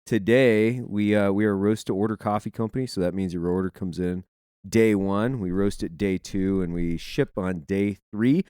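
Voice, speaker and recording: Laid-back low-voiced male guest. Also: normal speed, warm tone, smooth, no echo, clean studio sound. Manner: laid-back, joking, easygoing. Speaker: podcast guest, coffee company founder. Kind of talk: casual interview chat.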